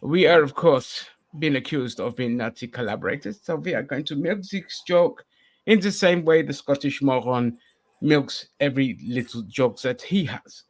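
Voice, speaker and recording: A man hosting a casual podcast chat, brash and sweary, swinging between loud bursts and mumbles. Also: mid-range voice, normal speed. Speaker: podcast host.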